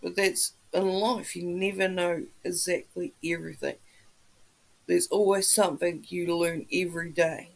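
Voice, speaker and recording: A woman's voice: fairly low pitch, gravelly, rough recording. A woman hosting a casual livestream, chatting with viewers and reading the chat, swearing freely as she talks. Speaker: livestream host.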